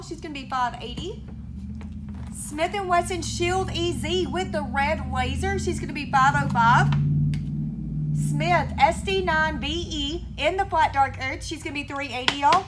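A woman's voice: high voice, a bit bright, slight background noise. A woman, chatty and drawling, running through new stock and prices for her gun shop. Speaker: gun store host. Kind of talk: casual product rundown.

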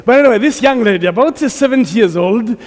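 A man's voice: very high-pitched, expressive, fast. A middle-aged man with an African accent preaching a sermon as a guest preacher, jovial and often laughing between remarks. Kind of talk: sermon with prayer. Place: large church sanctuary. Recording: long reverb of a church hall.

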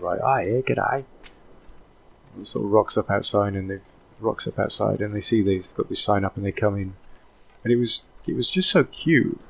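A man giving casual, thinking-aloud commentary while playing a video game, drifting into relaxed, rambling asides. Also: lowish voice, vocal fry, breathy edge. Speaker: let's play host.

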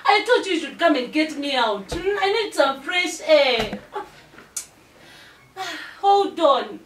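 A woman's voice: sits high, sing-song, slow, a little hiss or hum, heavily acted. A Zimbabwean woman playing a whiny, demanding pregnant young mistress in a comedy skit, giggling between her complaints. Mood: complaining. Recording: roomy, distant from mic.

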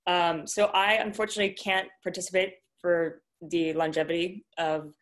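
A young woman on a video call shares memories of her grandmother in halting, emotional speech with many fillers, then reads a eulogy she wrote. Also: on the low side, steady tone. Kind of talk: casual remarks and reading a eulogy.

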